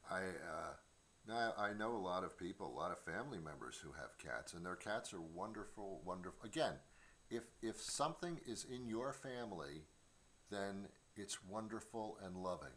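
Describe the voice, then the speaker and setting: A man's voice: low-pitched, animated, moderate pace, a bit bright, slight background noise. A middle-aged man hosting a comedy show from his home studio, rambling through a stand-up monologue with stammered restarts and mock voices. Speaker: comedian host.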